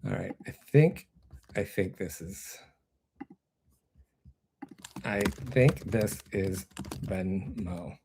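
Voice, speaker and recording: A man hosting a casual live stream from his computer, rambling and interrupting himself, laughing often, with his voice going a bit hoarse. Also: sits low, drawn-out words, pauses often, noisy background. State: losing his voice. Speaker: actor and web series creator hosting a live stream.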